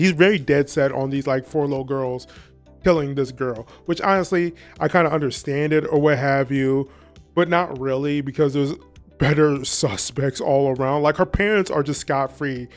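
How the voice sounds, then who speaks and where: A man's voice: mid-range voice, normal speed, soft background music. A man hosting a casual commentary recap, rambling and profane and often laughing. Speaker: video essay host.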